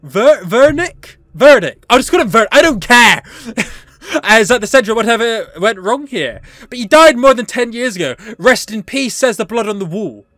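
A woman commentates her way through a horror game, jumpy and joking, swearing freely and talking back to the characters. Her voice sits high and swings widely in pitch. The sound is close and dry, with no room around it. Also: moderate pace, dry recording. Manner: animated and joking, laughs often. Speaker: gaming channel host.

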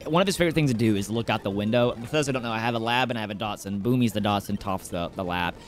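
A young man chatting casually while playing a game with a friend, excitable and quick to laugh. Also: lowish voice, a little hiss or hum. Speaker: co-host. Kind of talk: casual gaming chat.

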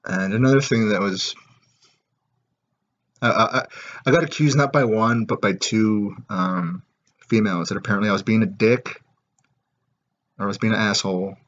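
A man's voice: lowish voice, moderate pace, pauses often, fairly bright tone. A man ranting casually to camera in a profane, rambling way, full of filler words. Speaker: vlogger. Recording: dull lo-fi recording.

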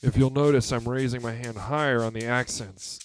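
A man giving a drum lesson, talking in a halting, earnest way and counting out beats as he demonstrates. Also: medium pitch, steady tone, soft background music. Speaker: drum teacher. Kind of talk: instructional demonstration.

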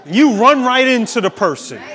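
A man's voice: extremely high pitch, very animated, normal speed, a bit bright, some chatter behind. A male pastor preaching a sermon with emphatic, preachy delivery and laughing at his own points.

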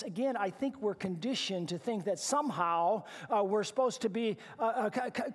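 Guy preaching in a church, fairly high voice, lots of restarts, goes quiet then gets loud, big echo. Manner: conversational, with repeated false starts; swings from hushed to loud and emphatic. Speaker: pastor. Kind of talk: sermon. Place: church sanctuary. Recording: reverberant church hall.

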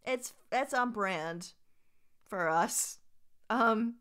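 A woman's voice: high voice, a little slow, a bit bright, faint music behind. A woman streaming live as a VTuber, reading out long lists of supporter names and breaking into dramatic outbursts. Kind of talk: live game stream chat.

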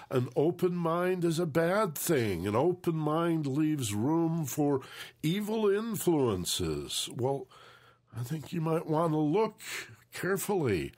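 Slow, reflective male talk-show host. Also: mid-range voice, a little mellow, husky. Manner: slow, thoughtful, leans on phrases for emphasis.

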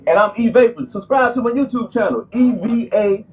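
A man's voice: extremely high pitch, fairly quick. A man vlogging from a drag strip, boasting and trash-talking his rival and repeating his brags. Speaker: YouTuber, drag racer. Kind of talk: hyped casual vlog talk. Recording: distant, dull lo-fi sound with faint noise.

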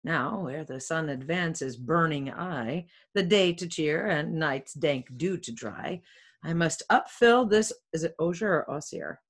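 A woman reading a play's lines aloud in a casual home session, plain and unhurried, pausing now and then to check a word. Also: low voice, animated. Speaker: reader, teacher's relative. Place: home room. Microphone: desk mic.

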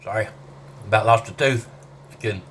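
A man's voice: fairly low pitch, fairly quick, fairly bright tone, slight background noise. A man talking casually to the camera in a vlog while his mouth burns and he sweats, drawling, swearing and groaning between bites. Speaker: vlogger eating hot sauce. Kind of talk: casual self-filmed vlog.

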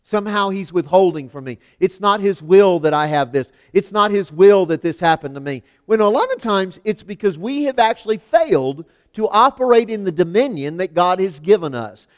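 A man preaching a sermon in a church, emphatic, swinging from loud declarations to hushed lines. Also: high-pitched, lively intonation, moderate pace. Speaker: pastor. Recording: long hall reverb.

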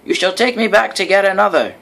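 A man voicing a fussy, hurried male photographer who speaks formally in a storybook reading. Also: high-pitched, gravelly, a bit bright, pitched above the performer's own voice. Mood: annoyed.

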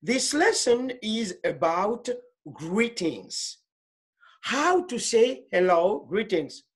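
A woman teaching French in an online class, patient and repetitive, switching between French and English with halting restarts. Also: mid-range voice, sing-song. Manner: slow and patient, repeating phrases, mixing French and English.

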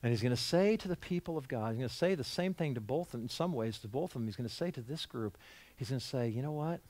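A middle-aged male pastor preaching a sermon in a church, animated, acting out quoted voices and moving between loud emphasis and hushed lines. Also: mid-range voice, fast talker. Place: church sanctuary.

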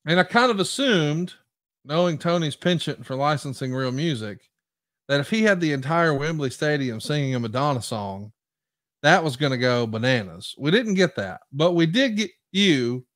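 A man co-hosts a casual podcast, telling stories with animated energy. His voice sits a little high, and the sound is dry and close to the mic. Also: moderate pace, dry recording. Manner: animated storyteller, acts out quotes. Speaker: podcast co-host. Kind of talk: casual chat.

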